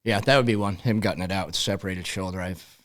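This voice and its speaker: A man's voice: low-pitched, fast talker. A middle-aged man, a football coach, telling stories in a podcast interview and acting out the dialogue as he goes. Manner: relaxed storyteller who acts out quoted dialogue. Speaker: high school football head coach.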